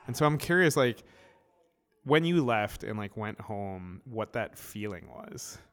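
Male host, low resonant voice, relaxed, asks thoughtful questions. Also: measured pace. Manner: easygoing, asks reflective questions. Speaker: podcast host. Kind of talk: casual chat. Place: studio.

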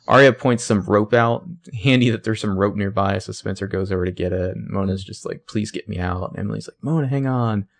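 A man casually recapping a TV episode on a podcast, acting out the characters' lines in quick put-on voices. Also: on the low side, steady tone, vocal fry. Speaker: podcast co-host recapping a show. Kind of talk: casual chat.

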